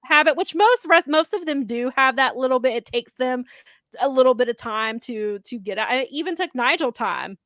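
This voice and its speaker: A woman's voice: high voice, lively intonation, moderate pace, fairly bright tone, no room sound. Chatty woman podcast co-host, rambling. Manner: rambling, filler-heavy retelling of others' remarks. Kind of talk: casual wrestling chat.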